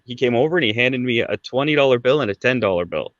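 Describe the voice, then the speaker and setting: A man's voice: mid-range voice, lively intonation, fast, dry recording. Man, thirties, casual storyteller, lots of "right?" and "like", muffled lo-fi audio. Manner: conversational, fillers like "right?" and "like". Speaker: podcast guest.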